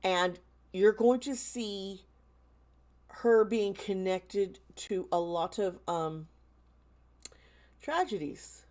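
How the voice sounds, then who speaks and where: A woman hosting a tarot channel, speaking in a casual vlog style, earnest and halting, with many pauses and restarts. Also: mid-range voice, a little mellow.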